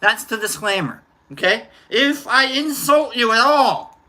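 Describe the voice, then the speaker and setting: A man's voice: very high voice, lively intonation, a little slow, pushed and bright. Joking man greeting his live-stream viewers. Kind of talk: casual live-stream chat.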